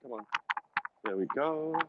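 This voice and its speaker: A man's voice: medium pitch, lively intonation, measured pace. A man with a South African accent, chatting casually in a rambling, self-mocking way while live-streaming from a hilltop on a phone. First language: German. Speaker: vlogger. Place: outdoors on a hilltop. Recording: dull lo-fi phone audio with wind noise.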